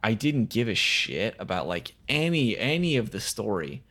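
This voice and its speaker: A man's voice: on the low side, big pitch swings, normal speed, bright, forceful tone. A young man co-hosting a casual movie chat, blunt and jokey, swearing freely. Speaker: podcast co-host reviewing a movie.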